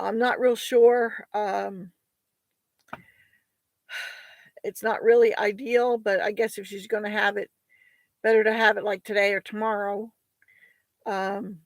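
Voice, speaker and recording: A tired woman homesteader chatting to camera about her goats, her gravelly voice sitting at an ordinary pitch. She rambles and hesitates, restarting sentences and filling gaps with fillers. The recording is dry, with no room sound. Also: dry recording, low-quality recording. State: tired, sighing. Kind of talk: casual vlog chat.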